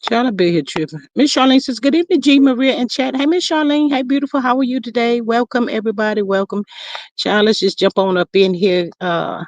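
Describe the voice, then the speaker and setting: A woman hosting a casual live stream, chatting with viewers and reading their comments aloud in a lively, drawn-out way. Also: no room sound. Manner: chatty, lively, drawn-out greetings, sudden high exclamations.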